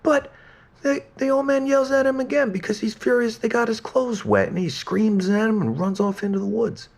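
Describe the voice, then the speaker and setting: A man in a game role reading a fairy tale aloud as a gentle bedtime story. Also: high voice, lively intonation, normal speed, vocal fry, exaggerated voice. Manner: gentle storytelling, softening at the end.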